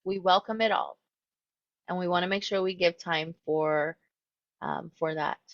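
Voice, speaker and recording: A woman's voice: lowish voice, measured pace, no echo. Chatty woman counselor, dull lo-fi sound. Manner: conversational, relaxed, often voicing what a client might think. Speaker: mental health counselor. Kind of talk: presenting a webinar.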